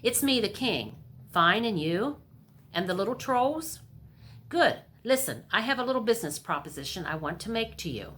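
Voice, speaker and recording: A woman voicing a scheming, pushy king in a storybook reading, talking brisk and excitable. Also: medium pitch, voice pushed up.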